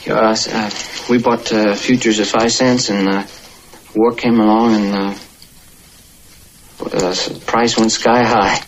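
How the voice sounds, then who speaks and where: An actor playing an earnest young man from an old classic film, halting and pleading as he tries to win his father over. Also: on the low side, level tone, slight background noise, natural voice, low-quality recording. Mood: hesitant, hopeful. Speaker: grown son in a classic film. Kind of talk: 1950s film acting.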